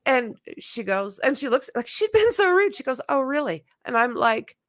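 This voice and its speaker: A woman's voice: fairly high pitch, normal speed, no room sound, studio quality. A middle-aged woman hosting a casual livestream chat, telling stories with lots of exclamations. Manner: animated storyteller, exclaims often. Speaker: host.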